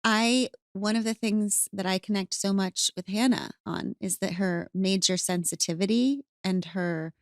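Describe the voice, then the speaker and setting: Animated, playful woman podcast host. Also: mid-range voice, unhurried, hardly any pauses, dry recording, studio quality. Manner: animated and playful, acting out stories. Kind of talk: casual chat.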